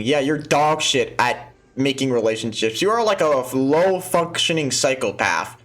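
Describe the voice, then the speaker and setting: A man's voice: mid-range voice, animated, unhurried, few pauses, a bit bright, faint music behind. A man hosting a gaming video, talking through a game with profane jokes and frequent laughter. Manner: profane, joking, laughs often. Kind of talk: let's play commentary.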